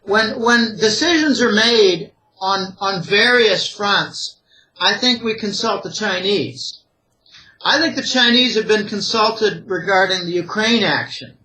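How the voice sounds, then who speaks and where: A man's voice: sits high, measured pace, bright, forceful tone, rough recording. A man from the Pittsburgh area, an interview guest, making emphatic warnings in a repetitive, opinionated way. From Greater Pittsburgh, USA. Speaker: interview guest, economic analyst.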